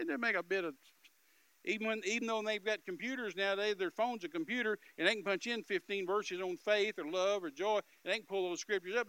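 A man telling a story in a sermon, dramatic and swinging between quiet narration and loud outbursts. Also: on the high side, no echo, rough recording. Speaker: preacher.

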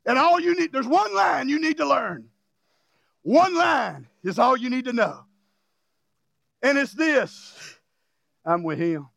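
High gravelly preacher, shouting fervently. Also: male voice, very animated, slow pace, long pauses, dry recording. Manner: impassioned, often shouting with rising cries, informal grammar; jokes and laughs with the congregation. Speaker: pastor. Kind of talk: fiery revival sermon.

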